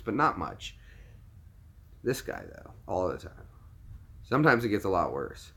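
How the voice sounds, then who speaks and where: A man's voice: lowish voice, big pitch swings, unhurried, long pauses, fairly bright tone, slightly rough. A man from the United States hosting a casual livestream, jokey, laughing easily and chatting with viewers. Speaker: livestream host.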